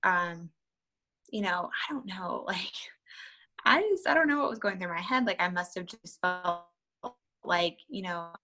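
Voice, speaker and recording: A woman telling her business setback story in an interview, candid and chatty, full of "like" and "you know", leaping up in pitch to act out her past self. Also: a little slow, pauses often, sharp tone, faint music behind, low-quality recording. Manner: acts out her past self with sudden high-pitched bursts. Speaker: interviewee, network marketer.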